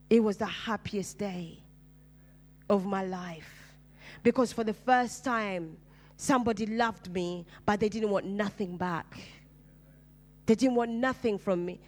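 Preaching her own testimony, a pastor from Uganda tells her story at an unhurried pace with long pauses. Her voice shifts from loud outbursts to quiet, low asides.

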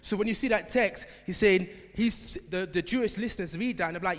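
Emphatic preacher in a reverberant hall. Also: male voice, high voice, fairly quick. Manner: emphatic, swings from shouted repetition to quiet asides. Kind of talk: sermon. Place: church.

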